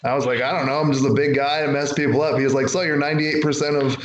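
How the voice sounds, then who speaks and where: A man's voice: fairly high pitch, little pitch movement, fast talker. A man telling stories in a loose, rambling way, jumping between his own words and the voices of people he quotes. The recording sits in an echoey room with a faint hiss underneath. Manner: rambling, acts out quotes from others. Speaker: wrestler guest. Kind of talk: casual interview storytelling.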